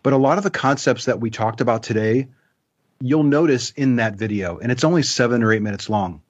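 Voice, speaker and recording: Relaxed man on muffled call audio. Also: mid-range voice, fairly quick. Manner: relaxed, thoughtful, explains at length. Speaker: guest. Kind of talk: casual interview.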